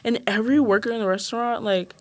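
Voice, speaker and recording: A woman's voice: fairly high pitch, quick pace. A young woman co-hosting a podcast, telling a story in casual chat, laughing often and filling her speech with "like". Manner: animated, laughing, says "like" constantly. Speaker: podcast co-host.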